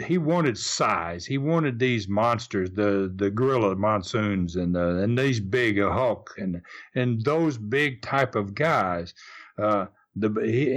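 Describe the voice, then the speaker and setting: A man's voice: mid-range voice, fairly bright tone. Rambling older Southern US man. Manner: rambling, folksy, many restarts. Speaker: retired wrestling promoter. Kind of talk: casual storytelling interview.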